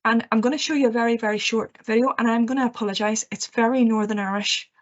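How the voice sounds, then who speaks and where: A woman's voice: a little high, steady tone, quick pace. Earnest woman giving teacher training. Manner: earnest, reassuring, with frequent okays and ums. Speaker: education trainer. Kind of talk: training presentation. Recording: muffled lo-fi recording.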